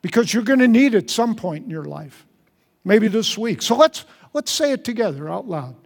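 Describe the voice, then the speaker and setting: A man preaching a sermon as pastor, earnest, repeating phrases and dropping softly for prayers. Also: big pitch swings, normal speed, gravelly. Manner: earnest, repeats phrases, drops to soft low tones for prayers. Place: large church hall. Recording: long hall reverb.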